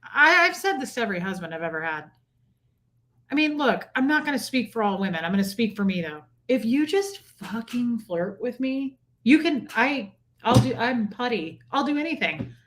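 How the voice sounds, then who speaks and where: A woman's voice: on the high side, sing-song, normal speed, fairly bright tone, slight background noise. A middle-aged woman co-hosting a casual chat show, talking in a brash, bawdy, flirtatious way. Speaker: podcast co-host. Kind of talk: casual chat reading live comments.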